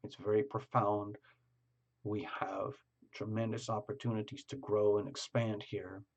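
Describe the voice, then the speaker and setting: A man putting on a hushed, reverent inner voice that murmurs solemnly. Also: fairly low pitch, level tone, measured pace, highs cut off, pitched below the performer's own voice. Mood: awed.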